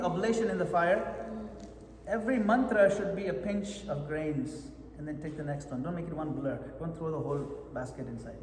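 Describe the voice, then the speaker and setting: A man's voice: a little high, fairly quick, darkish tone, a little hiss or hum. Man teaching in an echoey hall. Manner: coaching, checks in with listeners often. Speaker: japa retreat teacher. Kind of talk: meditation workshop instruction. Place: retreat hall. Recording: echoey hall with long reverb.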